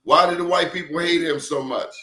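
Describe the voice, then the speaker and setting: A man's voice: a little high, steady tone, brisk, pushed and bright. A man in casual conversation, telling stories emphatically with blunt slang. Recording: roomy echo.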